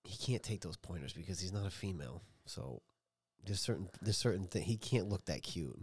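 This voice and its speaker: A man's voice: sits low, lively intonation, fairly quick, slightly rough, no room sound. Teasing, foul-mouthed man co-host. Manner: teasing, blunt, swears freely. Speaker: podcast co-host. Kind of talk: casual chat.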